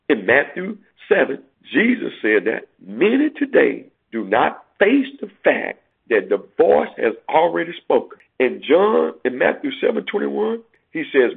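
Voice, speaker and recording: Male preacher, emphatic sermon delivery, raspy and tinny. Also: on the high side, wildly swooping pitch, a little slow, hardly any pauses. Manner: preaching with rising, emphatic climbs and quoting scripture. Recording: tinny phone-like sound.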